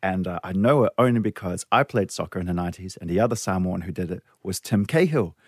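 A man's voice: low voice, animated, fast, slightly rough, no echo, clean studio sound. A middle-aged man with a New Zealand accent, a comedian guest telling stories on a radio show, chatty, laughing often and restarting his sentences. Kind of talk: radio interview, storytelling. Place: radio studio. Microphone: studio microphone.

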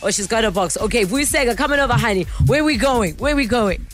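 A man's voice: extremely high pitch, lively intonation, fast, fairly bright tone, soft background music. A man hosting a radio show, upbeat and playful as he calls contestants up. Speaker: radio host.

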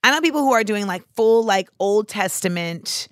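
A woman in her thirties hosting a casual comedic chat, animated and profane, slipping in and out of mocking voices. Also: mid-range voice, moderate pace, no echo, studio quality.

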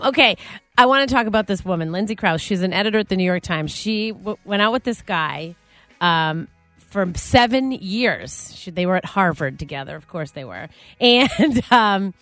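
A woman's voice: medium pitch, dry recording. Chatty laughing woman radio co-host. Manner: chatty and animated, laughs often, acts out quotes. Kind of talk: casual morning-show banter.

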